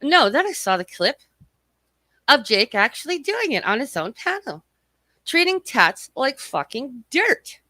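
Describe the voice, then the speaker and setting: A woman's voice: sits high, big pitch swings, measured pace, pushed and bright, no echo. A woman hosting a livestream from home, ranting in a heated, sarcastic and profane way at other streamers. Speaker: livestream host.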